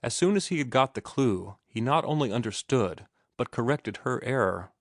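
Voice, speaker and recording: A man narrating a classic novel in an even, measured reading. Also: mid-range voice, no room sound, clean studio sound. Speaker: audiobook narrator. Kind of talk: scripted narration.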